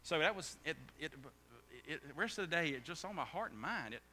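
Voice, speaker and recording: A man preaching a sermon as pastor, often stammering and restarting, then building to loud, fervent preaching. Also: fairly high pitch, animated, brisk. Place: church sanctuary. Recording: echoey hall with faint hum.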